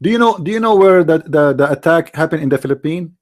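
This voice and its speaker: Man, live call-in host, blunt, mocking, broken grammar, high voice. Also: lively intonation, fast talker, darkish tone. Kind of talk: unscripted live talk.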